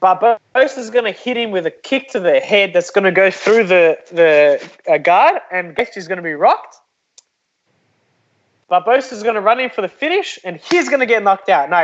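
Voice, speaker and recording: A man's voice: sits high, highs cut off. A man co-hosting a casual fan podcast, laying out emphatic, profane predictions with confidence. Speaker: podcast co-host. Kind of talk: casual chat.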